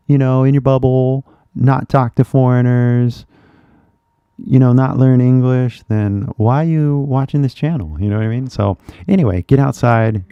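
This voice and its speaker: A man's voice: mid-range voice, warm tone, clear, resonant tone, dry recording, highs cut off. A man talking casually to viewers on a live stream about learning English, rambling and often asking "you know what I mean?". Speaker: English-teaching YouTuber. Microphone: webcam setup at a computer.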